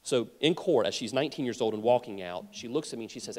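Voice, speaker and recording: A man's voice: medium pitch, expressive, quick pace, hardly any pauses. Earnest man speaking in a reverberant hall. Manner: earnest, emphatic, with frequent restarts. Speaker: state attorney general. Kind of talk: political convention speech. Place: convention hall.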